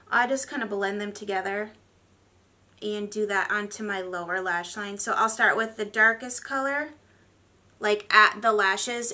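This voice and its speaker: A woman's voice: fairly high pitch, sharp tone. A woman, chatting candidly and rambling a little while doing her makeup on camera at home. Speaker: beauty vlogger. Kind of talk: casual get-ready-with-me chat.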